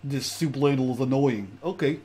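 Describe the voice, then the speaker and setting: A man's voice: mid-range voice, normal speed, mellow. A man playing a tabletop character who speaks in blunt, broken English. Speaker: player. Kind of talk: in-character role-play.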